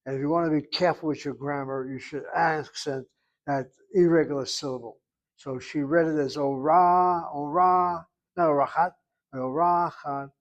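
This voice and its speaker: A man's voice: fairly high pitch, fairly even intonation, a little fast, highs cut off. A man teaching a Hebrew class, explaining grammar step by step and calling on students by name. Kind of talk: online class instruction.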